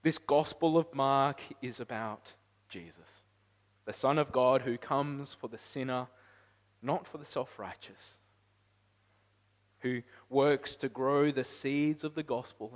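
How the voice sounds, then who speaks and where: A man preaching a sermon as pastor, climbing to loud emphatic peaks and then dropping to quiet, reflective lines. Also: mid-range voice, measured pace. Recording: long hall reverb.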